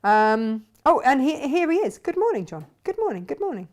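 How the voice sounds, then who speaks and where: A woman's voice: sits high, big pitch swings, moderate pace, a little mellow. A middle-aged woman hosting a casual live fabric shop stream, chatting, reading out viewer comments and laughing often.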